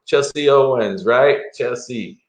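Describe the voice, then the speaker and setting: A man's voice: mid-range voice, takes it slowly. A man doing a live-stream tarot reading as a psychic, chatty and rambling, with frequent chuckles. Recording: echoey room.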